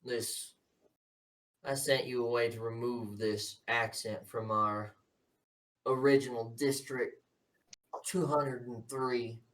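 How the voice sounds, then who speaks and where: A man's voice: medium pitch, steady tone, takes it slowly, pauses often, a bit bright. A man voicing a stern, scheming older politician who coldly lectures and threatens his son, recorded somewhat far from the mic. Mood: menacing. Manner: cold, menacing, lecturing.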